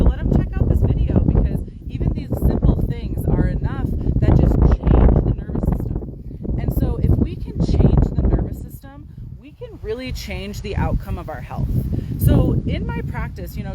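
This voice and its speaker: A woman, a naturopathic doctor, chatting casually to a handheld phone camera outdoors on a windy day, full of fillers and "right?" tags. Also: mid-range voice. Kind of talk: casual health talk to camera.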